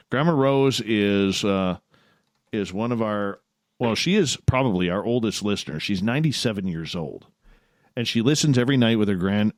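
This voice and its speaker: Canadian-accented male radio host, playful, animated delivery, dry close mic. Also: lowish voice, no room sound. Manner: enthusiastic, playful. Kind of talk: casual radio talk.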